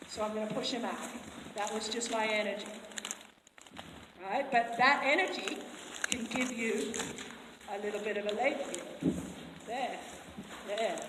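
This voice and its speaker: A woman's voice: on the high side, measured pace, pauses often. A woman horse trainer giving a live, chatty demonstration, talking to onlookers and to the horse in turn. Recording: echoey arena with long reverb, faint noise.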